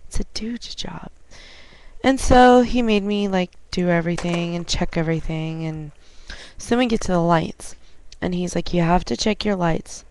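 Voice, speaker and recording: Low-voiced chatty woman vlogger. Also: moderate pace, clear, resonant tone. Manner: chatty, animated retelling with quoted dialogue. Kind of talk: casual storytelling.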